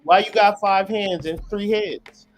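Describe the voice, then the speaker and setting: A man's voice: high voice, fairly even intonation, unhurried, soft background music. Profane, preachy man holding forth. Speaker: host. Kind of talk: preachy monologue.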